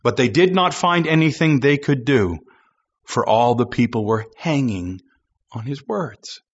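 A man's voice: medium pitch, lively intonation, a little slow, breathy edge, dull audio. A man preaching a sermon, reading scripture aloud and acting out quoted voices, building to impassioned emphasis.

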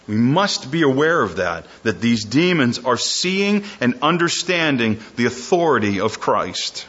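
A man preaching a verse-by-verse sermon in a bright, forceful voice set a little high. He slows and sinks his voice on the lines he wants to land. The recording sounds dull and lo-fi. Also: big pitch swings. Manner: slows and drops low on key phrases. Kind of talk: expository sermon.

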